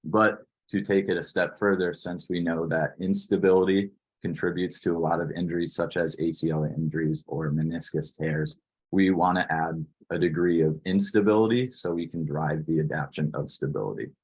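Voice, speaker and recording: A man in his twenties from Wisconsin, a strength coach giving a steady, instructional online presentation with plenty of "you know" fillers. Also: low-pitched, normal speed, breathy edge. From Wisconsin, USA.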